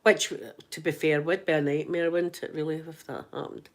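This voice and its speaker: A woman's voice: deep voice, little pitch movement, moderate pace. A Scottish woman hosting an ASMR channel, chatting casually with live viewers in a giggly, joking, rambling way.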